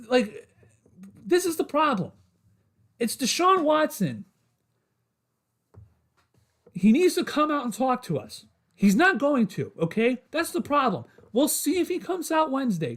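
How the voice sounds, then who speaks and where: High-voiced man ranting about football. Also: big pitch swings, normal speed, long pauses, fairly bright tone. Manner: frustrated, repetitive, addresses chat as guys. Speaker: sports podcast host. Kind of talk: solo livestream sports rant.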